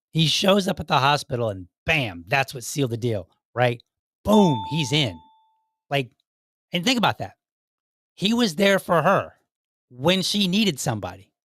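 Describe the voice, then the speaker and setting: An American man in his forties talks through relationship advice on his own podcast, loose and rambling, often doubling back on himself. His voice sits at an ordinary middle pitch. The recording is close and dry, with no room sound. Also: fairly bright tone, dry recording. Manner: conversational and rambling, with frequent restarts. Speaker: podcast host. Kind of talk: casual advice monologue.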